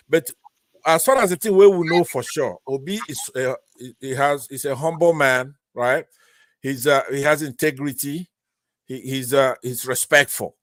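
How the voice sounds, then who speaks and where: A man with a Nigerian Pidgin accent who talks as a debate panelist, rambling and conciliatory as he slides between Pidgin and English. The recording is dry and close, and his pitch sits in a middle range. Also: no echo. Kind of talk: online political panel debate.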